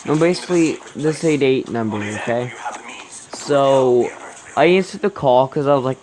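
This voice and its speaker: A man's voice: mid-range voice, normal speed, background noise. A young man casually telling a rambling story to his viewers, often correcting himself mid-sentence. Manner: rambling, self-correcting, chatty. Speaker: vlogger.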